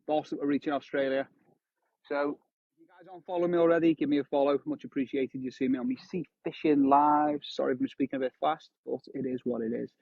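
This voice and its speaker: A man's voice: a little high, expressive, fast, creaky, darkish tone, no room sound. Chatty man on a tinny phone line. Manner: chatty, answers viewer comments while fishing. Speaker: fishing livestreamer. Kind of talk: casual live-stream chat. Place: outdoors on a windy shore. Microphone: phone live stream. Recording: dry tinny phone audio.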